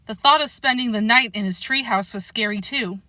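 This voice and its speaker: A woman reading a storybook aloud in an expressive way, acting out the characters' lines as she narrates. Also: fairly high pitch, brisk, dry recording. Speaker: storybook reader.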